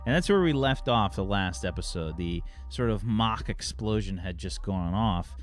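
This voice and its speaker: A man acting as game master, recapping the story with many pauses and fillers. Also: lowish voice, expressive, faint music behind. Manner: halting recap, many ums and uhs. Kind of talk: narrating a tabletop game.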